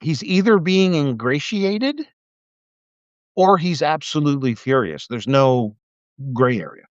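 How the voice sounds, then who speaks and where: A man's voice: a little high, a little slow, no room sound. A middle-aged man talking casually on a live stream, telling stories and acting out quoted people in a raised voice. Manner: animated storytelling, acts out quotes in a raised voice. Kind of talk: casual monologue. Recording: slightly dull lo-fi sound.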